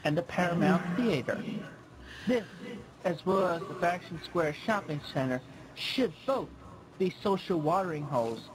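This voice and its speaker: A man narrating his own video in a scripted, earnest and plaintive way, speaking deliberately. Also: high-pitched, expressive, noisy background. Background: music.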